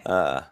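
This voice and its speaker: Man, podcast host, casual banter, joking, swearing, dry close sound. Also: no room sound. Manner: joking, swearing, quick to laugh. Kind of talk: casual banter on a talk show.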